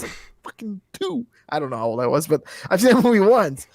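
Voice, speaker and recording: Podcast co-host, male, higher voice with lively swings, jokey and profane, dry close mic. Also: brisk, husky, dry recording. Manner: animated, swears a lot, jokey. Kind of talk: casual chat.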